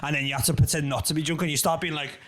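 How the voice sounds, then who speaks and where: A man's voice: fairly high pitch, fairly even intonation, rapid-fire, a bit bright. A man on a podcast as a guest, chatting casually for laughs and acting out drunk people with put-on politeness. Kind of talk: casual comedic chat.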